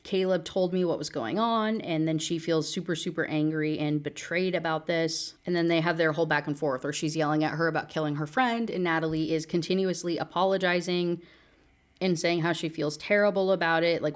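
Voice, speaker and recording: Woman doing a ranty book review, sarcastic and fed up, lowish voice. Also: fairly even intonation, brisk. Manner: exasperated, sarcastic, laughing asides. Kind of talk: casual rant book review.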